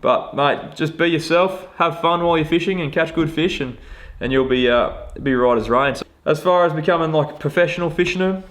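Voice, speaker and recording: A young Australian man answering viewer questions about fishing in a relaxed, joking, self-deprecating chat full of slang. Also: on the high side, a little fast. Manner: laid-back, matey slang, self-deprecating. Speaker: fishing vlogger. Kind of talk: casual Q&A chat.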